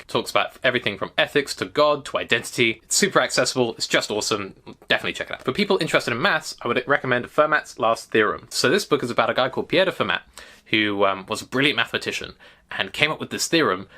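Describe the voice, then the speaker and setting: A man's voice: mid-range voice, pushed and bright. A young man with a West London English accent, talking casually to camera and explaining ideas with chatty enthusiasm. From England. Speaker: content creator.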